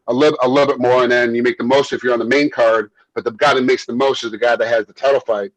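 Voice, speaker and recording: Husky-voiced man telling fight stories. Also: medium pitch, fast talker, no echo, poor audio. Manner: animated, repeats and restarts words, laughs while telling stories. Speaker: MMA referee and former fighter. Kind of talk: casual interview storytelling.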